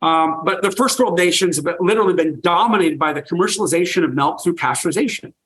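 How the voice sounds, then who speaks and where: Speaking fast in a high, slightly bright voice, an older farmer who produces raw milk shares stories as an interview guest. He's energetic, leaning on repetition for emphasis, though the recording quality is low.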